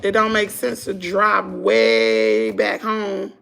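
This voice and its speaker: A hoarse woman with a Southern US accent, chatting casually with viewers on a live stream. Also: mid-range voice, sing-song, slow pace, a bit bright, a little hiss or hum. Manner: chatty, talks to viewers as y'all. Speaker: vlogger.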